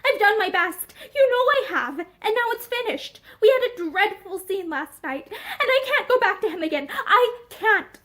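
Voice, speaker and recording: A woman's voice: very high-pitched, expressive, normal speed, voice pushed up. A woman reading aloud voices a tearful young wife whose pleading voice breaks with sobbing. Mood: distraught.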